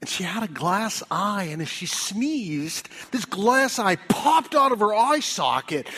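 A man with a high voice preaching a sermon to his congregation. He tells stories with wide swings in pitch. He drops low and soft to press his main points. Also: sing-song, unhurried, hardly any pauses, slightly rough. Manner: storytelling with big pitch swings, dropping low and soft for emphasis. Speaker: pastor. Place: church.

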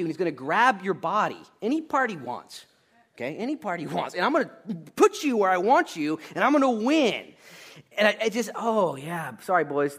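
A man preaching a sermon in a lively, conversational way, laughing now and then and building to emphatic, loud peaks. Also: high voice. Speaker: pastor.

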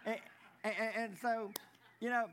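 A man's voice: extremely high pitch, little pitch movement, measured pace, a bit bright, slight background noise. A man preaching a folksy sermon, stumbling over and repeating words as he tells jokes. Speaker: pastor.

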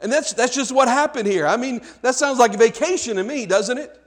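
A pastor delivering a sermon in a high-pitched male voice. He preaches conversationally, stumbling and restarting often, and turns to question the congregation directly. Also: a little fast.

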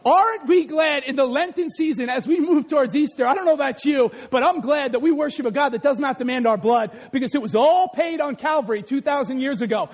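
A man preaching a lively sermon, reading scripture aloud, joking with the congregation and shouting for emphasis. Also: extremely high pitch, fairly quick, hardly any pauses, big-room sound. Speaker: pastor. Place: church sanctuary.

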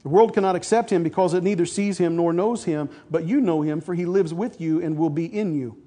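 High-voiced man preaching a sermon. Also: fairly quick. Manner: builds to loud, high emphasis then drops soft; asks the congregation questions and answers them. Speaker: pastor.

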